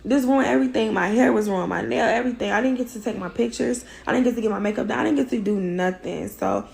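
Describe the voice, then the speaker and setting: A hoarse mother, her voice worn out, recounting a fight in a blunt, emphatic, profane way. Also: a little high, fast talker, darkish tone. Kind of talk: casual storytelling.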